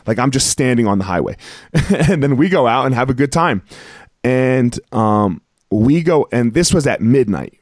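Man, podcast host, rambling, excitable, mid pitch, dry sound. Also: no echo. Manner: rambling, heavy on filler words and restarts; excitable, emphatic. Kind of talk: casual storytelling chat.

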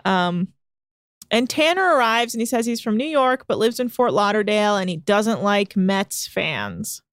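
A woman's voice: medium pitch, expressive, no echo. A woman co-hosting a podcast, recapping episodes in casual chat with a teasing, laughing manner. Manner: teasing, quick to laugh, chatty summarizing. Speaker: podcast co-host recapping a show.

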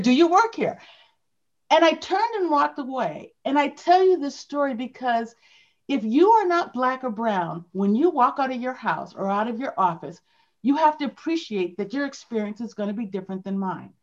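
A woman with a fairly high voice talks as a podcast guest, telling stories and pressing her points with emphatic repetition. The sound is dull and lo-fi, like a muffled online recording. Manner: emphatic, repeats key phrases. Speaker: podcast guest, sales leader. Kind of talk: conversational interview storytelling.

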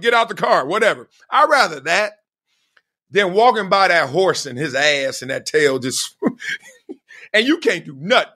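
Animated man telling a comic story. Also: high-pitched. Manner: animated, laughs often, acts out quoted voices. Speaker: podcast host. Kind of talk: comedic storytelling monologue.

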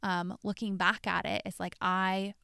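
A woman's voice: medium pitch, level tone, unhurried, creaky, pushed and bright, smooth, no room sound, studio quality. A young adult woman coach talking candidly on her podcast, open about her own mistakes, with many "like"s and "you know"s. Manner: candid, self-disclosing, lots of fillers like "like" and "you know". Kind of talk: reflective solo podcast talk.

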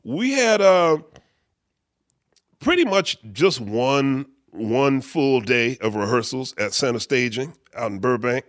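Laid-back middle-aged male storyteller, average pitch, dry close sound. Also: animated, slow pace, no echo. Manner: laid-back storyteller who acts out quotes, many fillers. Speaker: guest musician, bass player. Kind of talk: casual anecdote in an interview.

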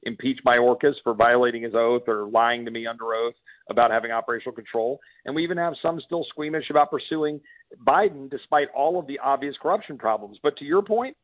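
A Texas congressman, appearing as a guest, phones in to a radio show and speaks in a fiery, emphatic way, tripping over his words and restarting sentences many times. His voice is medium-pitched and a little fast. It arrives over a tinny, narrow phone line with no room sound at all.

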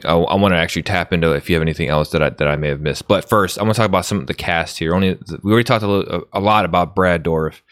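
A man's voice: deep voice, fairly bright tone, no echo, clean studio sound. A man co-hosting a movie podcast in casual, laid-back chat, swearing and laughing freely. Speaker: podcast co-host.

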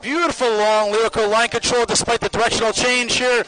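A man giving running spoken commentary as a marching band judge outdoors on the field, appraising the players with quick bursts of praise. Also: very high voice, level tone, over music, low-quality recording. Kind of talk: live judging commentary over a performance. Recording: live brass band loud behind.

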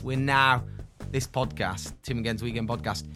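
A man's voice: mid-range voice, moderate pace, music in the background. A man co-hosting a casual podcast, chatting and telling stories between laughs. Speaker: podcast co-host. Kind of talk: casual chat.

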